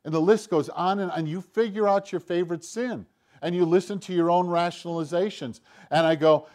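Guy preaching a sermon, kinda high voice, goes from loud and punchy to real quiet. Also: fairly quick. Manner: preaching with big swings between loud emphatic lines and hushed low asides; acts out Satan's voice in quoted lines. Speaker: pastor.

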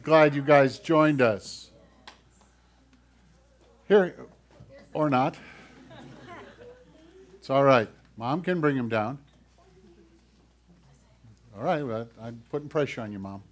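A man giving a children's sermon as pastor, gentle and playful as he talks to the kids. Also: medium pitch.

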